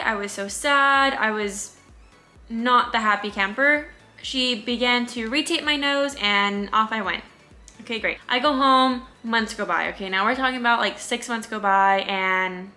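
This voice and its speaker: A young woman vlogger telling her own story in a lively, indignant, casual way. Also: on the high side. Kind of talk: storytime vlog.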